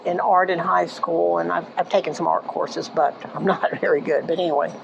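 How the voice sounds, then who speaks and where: An older woman from Florida, casually telling a memory from her childhood in a halting way, restarting sentences and trailing off into quieter asides. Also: lowish voice, fairly even intonation, creaky, background noise. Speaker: eyewitness recounting a childhood memory. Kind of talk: casual personal storytelling.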